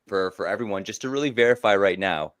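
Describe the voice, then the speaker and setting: A man's voice: fairly low pitch, quick pace, a crowd in the background. A man hosting a panel discussion, welcoming each guest with effusive enthusiasm. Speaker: host.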